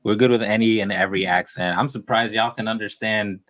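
A man with a New York accent hosts a casual podcast, chatty and relaxed. His voice sits a little low, and he laughs easily with his guests. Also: a little fast. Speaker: podcast host.

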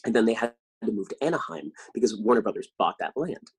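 A man talking as a podcast guest, telling animated stories and acting out the lines he quotes. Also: medium pitch, fast talker, gravelly, slightly rough. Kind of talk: casual interview chat.

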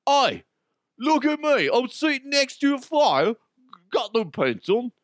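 A man's voice: very high-pitched, sing-song, unhurried, dry recording, clean studio sound, pitched above the performer's own voice, exaggerated voice. A man doing a sloppy mock-British accent to voice a boastful, dim-witted male contestant. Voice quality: exaggerated, sloppy fake accent.

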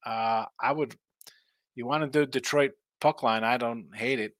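Sleepy guy hosting a betting stream, bright voice, close dry mic, just rambling through picks. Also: medium pitch, fairly even intonation, a little slow, dry recording. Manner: rambling, reads viewer chat aloud. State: tired, yawning. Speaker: sports betting show host. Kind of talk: casual live-stream chat.

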